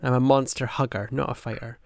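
A man's voice: mid-range voice, flat delivery, fast talker, gravelly, no echo, studio quality. A man from Britain playing a tabletop game, chatting casually in a sweary, self-mocking way. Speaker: player. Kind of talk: casual chat.

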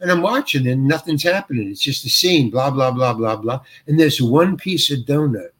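A middle-aged man telling a story as an interview guest, acting out the quoted lines. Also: moderate pace. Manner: animated, acts out quoted lines with jumps in pitch. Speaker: actor guest. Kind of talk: anecdotal storytelling.

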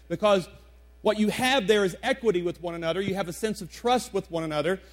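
A man in his forties, a pastor preaching to his congregation in a church, talking conversationally with emphatic repetitions and questions to the room. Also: sits high. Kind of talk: sermon. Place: church sanctuary before a congregation.

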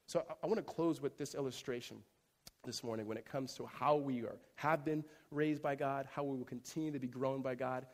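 A man preaching a sermon as pastor, telling a story with growing energy and then dropping to a soft, close tone. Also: medium pitch, brisk. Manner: animated storytelling, rising loud in climaxes, hushed in tender moments. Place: church sanctuary. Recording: reverberant church hall.

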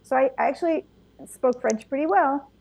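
Gravelly Spanish-native woman telling stories. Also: sits high, normal speed, low-quality recording. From Argentina. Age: middle-aged. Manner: animated storytelling with frequent restarts. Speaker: guest, vintner and physician. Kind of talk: conversational interview.

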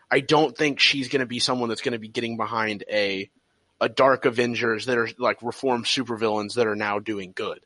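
A man's voice: mid-range voice, steady tone, brisk, no room sound. A man co-hosting a casual podcast, rambling and swearing freely as he thinks aloud. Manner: rambling, profane, trails off quietly. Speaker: podcast co-host. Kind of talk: casual chat.

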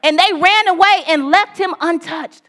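Lady preacher, high voice, tells a story then hammers the point with repeats. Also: normal speed, a bit bright. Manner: conversational storytelling with repeated phrases. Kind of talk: sermon.

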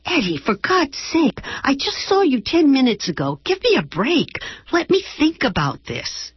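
A woman's voice: high-pitched, sing-song, normal speed, dry recording, dull audio, pitched above the performer's own voice. A woman reading aloud and voicing a middle-aged mother who speaks tersely and pleadingly on the phone. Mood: weary, guarded.

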